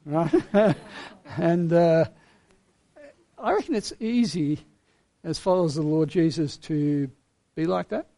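A middle-aged man delivers a sermon from the pulpit, his voice slightly high for a man and edged with gravel. He speaks earnestly, telling stories and letting key words settle with gentle pauses. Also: lively intonation. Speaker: pastor.

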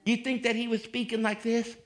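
Fiery high-voiced preacher man. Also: little pitch movement, brisk. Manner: confrontational, swings from mocking mutters to shouting. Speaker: pastor. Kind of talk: fiery sermon.

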